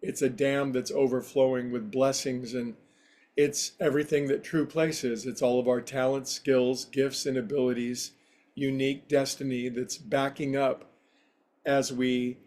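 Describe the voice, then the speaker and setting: A man's voice: mid-range voice, little pitch movement, measured pace, a little mellow. A man who teaches yoga and meditation, giving a casual spiritual talk in a rambling, anecdotal, conversational way.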